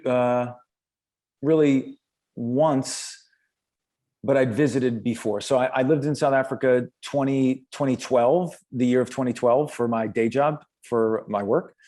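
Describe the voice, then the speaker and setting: An American actor with a mid-range, darkish voice is a guest in a casual interview chat. He tells anecdotes with lots of fillers and restarts.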